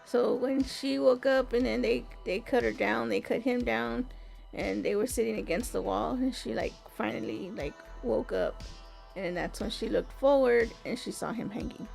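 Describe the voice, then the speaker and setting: A woman with a fairly high voice and a gravelly edge of vocal fry, chatting casually on a podcast. She reacts quickly and laughs easily as she fills in story details. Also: a little mellow, soft background music, low-quality recording. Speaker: podcast co-host. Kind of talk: casual chat.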